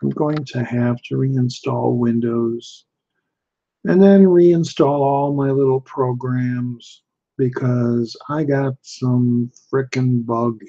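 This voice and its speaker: A man's voice: medium pitch, mellow. A man hosting a live stream in casual chat, rambling and frustrated, swearing often, on dull lo-fi webcam audio.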